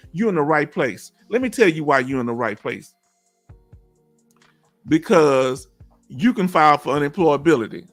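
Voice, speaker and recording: A middle-aged man with a fairly high voice chats casually with his viewers. He reads their comments aloud and answers them in a folksy, encouraging way. Faint music plays underneath. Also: lively intonation, moderate pace, long pauses. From Houston, Texas. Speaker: livestream host. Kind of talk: casual livestream chat.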